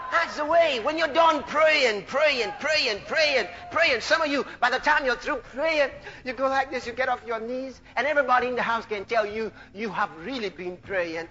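High-voiced, fiery male preacher. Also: normal speed, highs cut off, a faint crowd. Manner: impassioned, shouting praise, laughing, dramatic voicing of quotes. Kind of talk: sermon.

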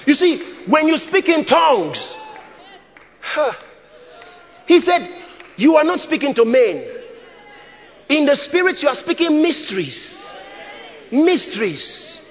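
A man preaching with dramatic emphasis, his voice sitting very high and swinging widely in pitch. He shouts key lines and repeats them for effect. The sound is muffled and carries a long hall reverb. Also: big pitch swings, measured pace, pauses often, slight background noise. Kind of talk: sermon.

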